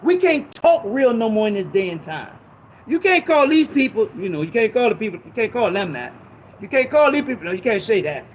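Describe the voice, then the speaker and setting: Man on a ministry show, very high and swooping voice, repeats points emphatically, casual slang, faint noise behind. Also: sing-song, a little fast. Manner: emphatic, repetitive, rising to shouts; conversational street slang. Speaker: ministry talk show speaker. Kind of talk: impassioned preachy talk.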